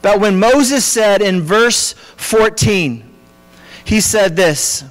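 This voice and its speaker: A pastor with a high voice preaches an earnest sermon, sometimes restarting his sentences and filling pauses. His voice rings out in a church sanctuary with a long reverb tail. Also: faint music behind.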